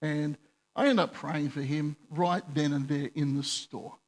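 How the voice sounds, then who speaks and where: A man's voice: a little high, measured pace. A male pastor, telling a personal story in a conversational, self-deprecating sermon. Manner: conversational, self-deprecating, animated when retelling dialogue.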